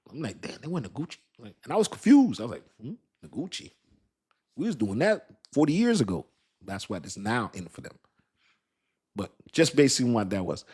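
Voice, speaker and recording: A man hosting a crypto livestream, talking loosely and joking, with laughs and apologetic asides. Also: medium pitch. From United States. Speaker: crypto channel host. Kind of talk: casual livestream chat.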